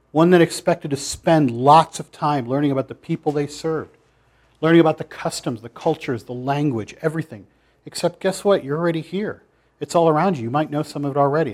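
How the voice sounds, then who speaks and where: A man's voice: on the high side, darkish tone. A man giving an informal sermon to a church group, conversational and challenging, with dry asides. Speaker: pastor. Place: church meeting room.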